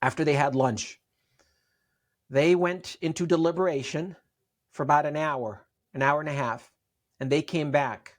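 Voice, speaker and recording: A man's voice: a little high, unhurried, long pauses. A middle-aged man from Syria, telling his story as an interview guest, earnest and often repeating words as he restarts.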